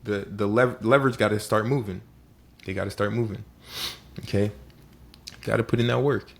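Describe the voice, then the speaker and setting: A man giving a casual motivational talk as host, animated and acting out little scenes. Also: lowish voice, normal speed, vocal fry.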